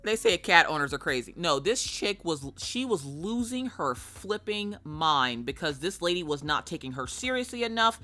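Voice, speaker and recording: A woman streamer telling a story in casual chat, animated and swearing freely. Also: fairly low pitch, moderate pace, hardly any pauses, soft background music.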